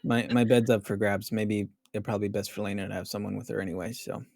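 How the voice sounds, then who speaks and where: A man's voice: lowish voice, level tone, fast talker, gravelly, a little mellow, no room sound, studio quality. A man playing a tabletop game, talking in character in a plain, easygoing way. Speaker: player.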